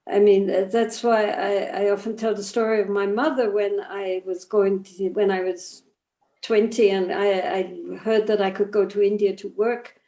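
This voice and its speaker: An older woman, a Buddhist teacher, answering questions in a gentle, thoughtful way, often pausing with "you know". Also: medium pitch, reverberant. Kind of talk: reflective spiritual teaching.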